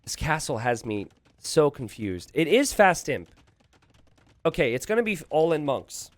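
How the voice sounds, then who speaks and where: A man casting a live strategy game, thinking aloud with animated asides to his viewers. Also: fairly high pitch, a little slow, dry recording. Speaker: game caster.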